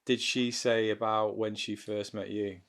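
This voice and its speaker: A man's voice: on the low side, level tone, measured pace, vocal fry, a bit bright. A man interviewing a guest, mostly giving short, encouraging replies and asking questions. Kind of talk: podcast interview.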